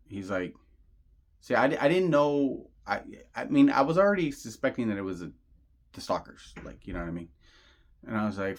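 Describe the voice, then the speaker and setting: A man with a fairly low voice tells a personal story straight to his listeners. He rambles, circles back and repeats himself, leaning on casual slang. He sounds earnest and insistent throughout. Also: normal speed. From Southern California. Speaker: channel host.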